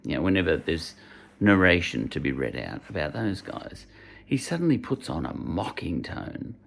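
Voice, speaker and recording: Deep gravelly Irish man, rambling. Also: sing-song, moderate pace. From Ireland. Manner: rambling, hesitant, searches for words. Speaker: book reviewer. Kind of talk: casual spoken review.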